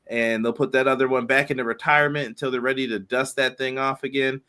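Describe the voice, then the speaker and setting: A man's voice: medium pitch, little pitch movement, fast, pushed and bright, clean tone. A man co-hosting a wrestling podcast, chatting casually and laughing between points. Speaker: podcast co-host.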